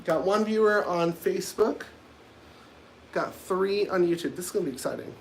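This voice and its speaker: A man's voice: high-pitched, moderate pace, slight background noise. A man hosting his own livestream, talking casually in a blunt, rambling and provocative way. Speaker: livestream host.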